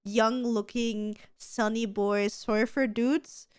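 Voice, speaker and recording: A woman's voice: on the high side, steady tone, slow, clean tone, no room sound, studio quality. A woman in her thirties co-hosting a podcast, chatting casually in a gushing, giggly way and swearing freely. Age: 30s. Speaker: podcast co-host. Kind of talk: casual chat.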